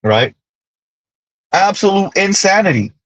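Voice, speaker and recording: A man's voice: high voice, sing-song, slow pace, fairly bright tone, no room sound. A millennial man in his thirties hosting a casual commentary monologue, ranting with sarcastic asides. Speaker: commentary channel host.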